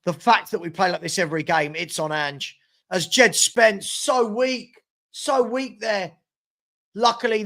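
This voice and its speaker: An exasperated man with a fairly high voice hosts a live football watchalong. He calls each pass and groans at his own side's play between shout-outs to viewers. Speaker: watchalong host.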